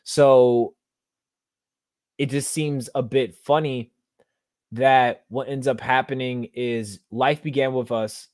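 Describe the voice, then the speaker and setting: A man hosting a solo podcast, talking earnestly and casually, often filling pauses with "you know what I'm saying.". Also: medium pitch, a little mellow, dry recording, clean studio sound. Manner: earnest, conversational, full of fillers. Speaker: podcast host.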